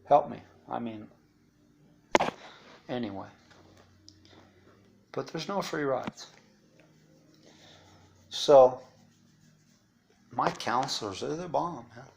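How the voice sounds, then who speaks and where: A man's voice: medium pitch, expressive, slow, creaky, long pauses, darkish tone. A man telling his story in a blunt, profane, rambling way, full of asides. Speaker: interviewee recounting life after incarceration. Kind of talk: casual storytelling monologue.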